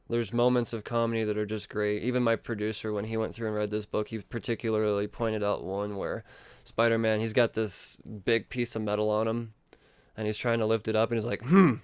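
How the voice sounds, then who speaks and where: A man rambles excitedly through a comic book review, swearing freely as he goes. His voice is smooth and resonant, and the close mic leaves it dry, with no room sound at all. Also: lowish voice, no room sound. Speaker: podcast host.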